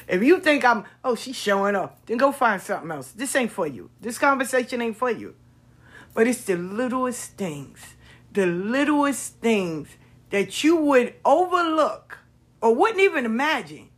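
A woman hosting her own podcast, telling stories in a casual monologue that swings from hushed asides to loud, drawn-out emphasis. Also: on the high side, breathy edge. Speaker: podcast host.

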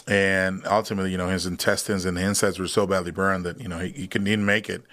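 A man's voice: low voice, level tone, fast talker, a bit bright. A young man, a guest in a casual interview, telling a long personal story with many fillers and restarts.

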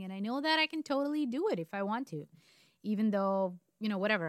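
A woman's voice: medium pitch, dry recording, clean studio sound. A woman in her forties from India, co-hosting a podcast and telling a true crime story in a casual way with wry asides.

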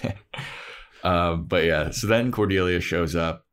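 A man's voice: low-pitched, a little slow, a bit bright, smooth. A man co-hosting a podcast, recapping an episode in casual chat and acting out the characters' lines in mock voices. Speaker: podcast co-host.

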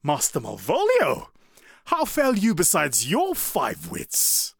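A man's voice: on the high side, huge pitch swings, takes it slowly, gravelly, fairly bright tone, slightly rough, no echo, studio quality, full character voice. A man voicing a teasing male jester with a singsong, mocking delivery.

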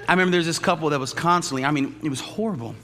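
A male pastor preaching a lively, joking sermon in a church, often acting out the people he describes. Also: on the high side, racing. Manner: animated, jokey, acts out quoted voices. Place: church sanctuary. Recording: long church hall reverb.

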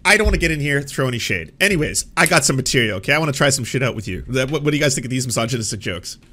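A man's voice: medium pitch, animated, racing, pushed and bright. A man hosting a commentary show who reacts to clips in a sarcastic, profane, mocking way.

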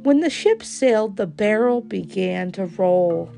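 A woman reading a children's storybook aloud in a slow, expressive way. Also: mid-range voice, gravelly, faint music behind.

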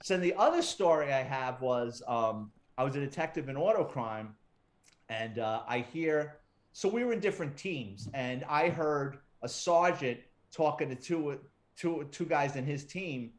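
A man's voice: mid-range voice, lively intonation, a little slow. A middle-aged man, a retired police detective, telling stories as an interview guest in a casual, profane, wisecracking way and acting out other people's quotes. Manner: profane, wisecracking storyteller who acts out quotes.

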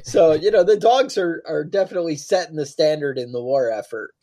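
A man's voice: a little high, brisk, warm tone. A man co-hosting a podcast, talking casually in rambling, joking asides. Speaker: podcast co-host.

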